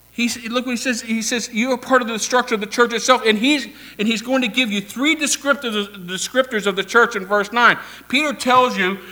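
Man, pastor, sermon, high voice, very bright tone, emphatic call-and-response delivery.

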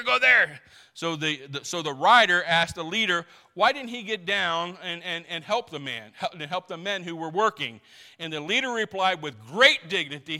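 Man, pastor, sermon, emphatic, repeats phrases, bright forceful voice. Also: on the high side.

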